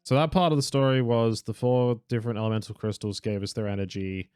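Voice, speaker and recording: A man's voice: fairly low pitch, steady tone, fast, darkish tone, smooth, faint music behind. A young man casually commenting on his own game stream, rambling, correcting himself, swearing and laughing now and then. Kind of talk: casual live gameplay commentary.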